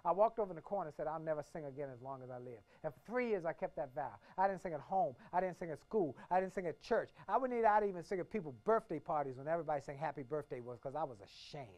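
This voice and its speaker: Animated and quick, with few pauses, this fifty-something motivational speaker from the D.C. area gives a keynote full of emphatic stories. He repeats key phrases and moves between near-whispers and a booming voice.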